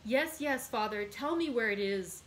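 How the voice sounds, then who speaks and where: A woman reading aloud, voicing an earnest, devoted young male sailor with lively emphasis. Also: fairly high pitch, moderate pace, a little hiss or hum, low-quality recording. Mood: anxious.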